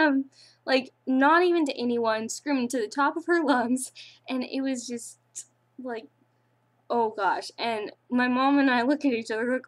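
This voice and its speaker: A teenage girl with a high, bright-toned voice tells a long anecdote to her camera in a casual way. She giggles often and rambles with lots of "like" and "um." Her restarts come as the story spills out. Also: normal speed. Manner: giggly, breaks into laughter often; rambling, with many fillers and restarts. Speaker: vlogger.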